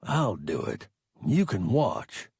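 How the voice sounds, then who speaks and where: A man's voice: low voice, wildly swooping pitch, slow pace, vocal fry, a little mellow, slightly rough, no room sound, studio quality, voice pushed down, heavily acted. A man voicing a stern spaceship captain who gives curt orders. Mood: curt commanding. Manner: curt, commanding.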